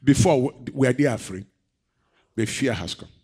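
A man preaching a sermon, reading scripture and asking the congregation questions, moving between loud, raised emphasis and quiet, low delivery. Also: moderate pace, husky. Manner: asks the congregation rhetorical questions.

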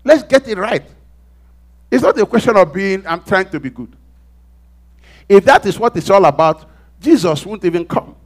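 Guy preaching a sermon, kinda high voice, super animated, acts out the characters, loud then quiet. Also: moderate pace, pauses often. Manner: dramatic, acts out quoted voices, swings from loud to hushed.

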